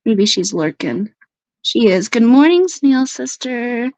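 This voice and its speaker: A woman hosting a casual live stream, bubbly and quick to laugh, who baby-talks to her pets while she chats. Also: a little high, expressive, darkish tone, dry recording. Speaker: livestream host. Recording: dry, slightly dull livestream audio.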